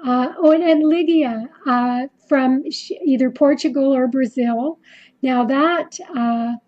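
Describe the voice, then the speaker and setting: A woman's voice: high voice, takes it slowly, highs cut off. A middle-aged woman with a Canadian accent, hosting a live quilting tutorial in a chatty way with lots of ums and restarts. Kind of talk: casual live-stream tutorial.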